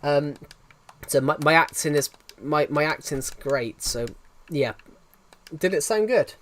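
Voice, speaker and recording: A man's voice: a little high, expressive, a little slow, fairly bright tone. A young British man with a thick regional accent, streaming and chatting casually, rambling and often repeating himself. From United Kingdom. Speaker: game streamer. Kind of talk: casual livestream chat.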